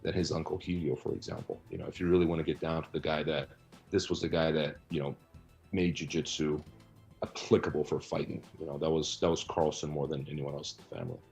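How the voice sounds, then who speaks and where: A man's voice: very deep voice, steady tone, quick pace, gravelly, darkish tone, faint music behind. A man interviewed about his book, answering bluntly and argumentatively, often tagging his points with "right?" and "you know". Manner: blunt, argumentative, rhetorical asides.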